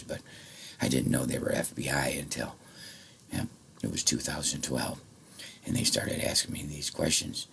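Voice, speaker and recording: A man talking straight to his viewers in a rambling, profane monologue that swings from low muttering to shouting. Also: vocal fry, husky. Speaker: vlogger.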